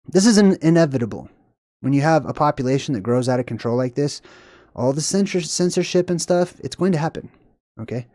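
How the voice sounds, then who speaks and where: A man's voice: on the high side, very animated, moderate pace, long pauses, darkish tone, no room sound, clean studio sound. A man hosting a casual commentary vlog, ranting to viewers in an irritated, conversational way and swearing freely. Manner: conversational, talks straight to viewers. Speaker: host.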